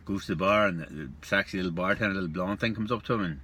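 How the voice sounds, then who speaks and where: A man hosting a casual vlog, telling a joke and rambling in a relaxed way. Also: sits low, rapid-fire, breathy edge. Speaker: pipe-smoking channel host.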